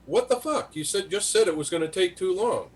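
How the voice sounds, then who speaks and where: A man's voice: sits high, animated, a little fast, breathy edge. A man on a video call panel, talking bluntly and profanely, incredulous at the news. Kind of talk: casual panel chat.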